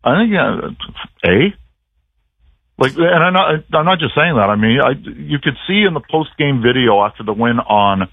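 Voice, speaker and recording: A man's voice: medium pitch, lively intonation, normal speed, creaky, slightly rough, dry recording. A man calling in to a radio show as a sports broadcaster, telling stories in a rambling, dryly self-mocking way. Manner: rambling storyteller, dry self-mocking humor. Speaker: team play-by-play broadcaster on a call-in guest spot. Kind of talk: casual radio chat. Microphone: phone. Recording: tinny phone line.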